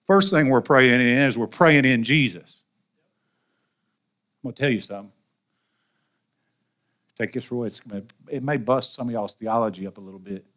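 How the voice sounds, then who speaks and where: A pastor with a Southern US accent preaching a sermon in a folksy, animated way with colloquial asides. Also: male voice, mid-range voice. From American South.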